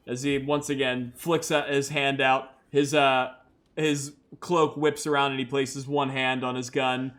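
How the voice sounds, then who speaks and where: A man's voice: mid-range voice, little pitch movement, measured pace, fairly bright tone, soft background music. A man hosting and narrating a solo tabletop role-playing game in a loose, chatty way, full of fillers, who laughs at his own dice rolls. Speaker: game master and host.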